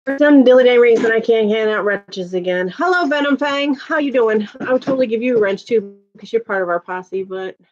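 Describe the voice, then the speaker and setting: A woman's voice: a little high, a little fast, hardly any pauses, muffled recording. A woman hosting a casual livestream, chatting with viewers, venting and laughing often. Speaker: livestream host reading chat.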